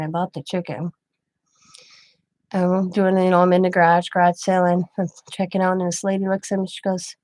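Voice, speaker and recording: A woman's voice: mid-range voice, a little mellow, no echo. A grandmother who hosts a craft channel, telling a personal story in a rambling, chatty way and quoting others in her own voice. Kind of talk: casual storytelling.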